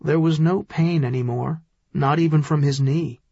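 A man narrating an audiobook in a measured, dramatic storytelling manner. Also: a little high, creaky, warm tone, dry recording, dull audio.

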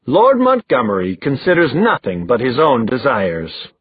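A man's voice: medium pitch, very animated, normal speed, slightly rough, no room sound. A man voicing an awkward, good-humored young man in an audiobook. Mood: mock-gravelly. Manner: awkward, joking. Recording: dry, phone-like thin sound.

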